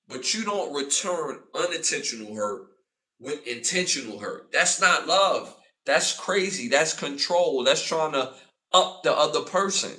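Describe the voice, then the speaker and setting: A man's voice: medium pitch, distant mic. A man hosting a live podcast, talking casually to his chat and repeating points for emphasis. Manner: animated, repeats himself, acts out arguments in raised voice. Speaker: podcast host. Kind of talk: casual live-stream commentary.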